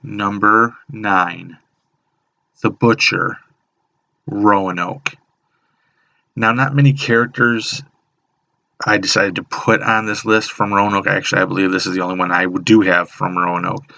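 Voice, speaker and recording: A man hosting a horror list video, talking casually with many halting restarts and enthusiastic praise. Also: fairly low pitch, fairly even intonation, vocal fry, bright, forceful tone, dry recording, muffled recording. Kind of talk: casual spoken commentary.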